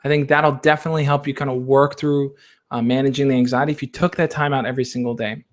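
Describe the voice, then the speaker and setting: A man's voice: mid-range voice, little pitch movement, quick pace. A man hosting a casual question-and-answer stream. He gives advice in an encouraging, coach-like way and keeps checking in with his listeners. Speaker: advice channel host. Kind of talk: casual Q&A livestream.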